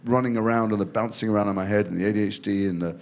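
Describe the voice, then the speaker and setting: A middle-aged man from England talks in a fairly low voice as a guest in an interview. He tells long, rambling stories and pokes fun at himself as he goes. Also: steady tone, rapid-fire, darkish tone. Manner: rambling self-deprecating storytelling. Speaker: guest actor. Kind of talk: in-depth interview conversation. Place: festival stage before a student audience.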